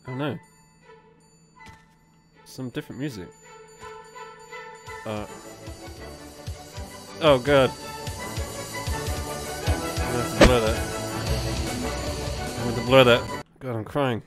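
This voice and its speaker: A gaming YouTuber with a medium-pitched voice talks slowly and pauses often as he plays a jumpy horror game. He reads the on-screen text aloud, laughing and swearing at the scares, with the game's music playing behind him.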